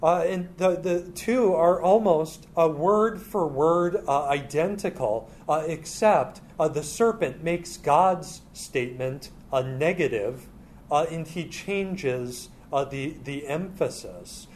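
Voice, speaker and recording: A man teaching through a Bible passage in a halting way, with many filler sounds. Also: a little high, a little mellow, slight background noise.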